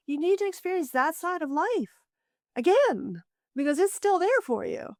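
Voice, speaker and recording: A woman's voice: sits high, sing-song, moderate pace, darkish tone, dry recording, clean studio sound. A woman who coaches caregivers, speaking as a podcast guest in an earnest, emphatic, conversational way. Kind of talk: interview conversation.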